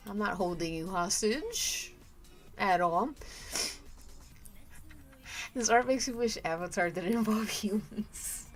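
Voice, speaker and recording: A woman chatting through a live drawing stream at a slow, easy pace, with pitch that swings up and down. She giggles often and trails off, restarting her thoughts. Soft music plays faintly behind her. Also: animated. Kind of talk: casual livestream chat while drawing. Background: faint background music.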